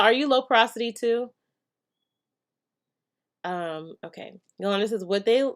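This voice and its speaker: Chatty woman hosting a live chat. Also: lowish voice. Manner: chatty and laughing, with frequent fillers and restarts. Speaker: live stream host answering chat questions.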